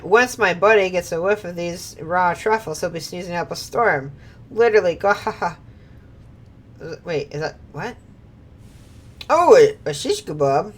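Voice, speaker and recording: A woman's voice: on the low side, animated, measured pace, pauses often. A woman streaming a video game, chatting casually, laughing often, swearing freely and reading game lines aloud. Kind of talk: casual gameplay commentary.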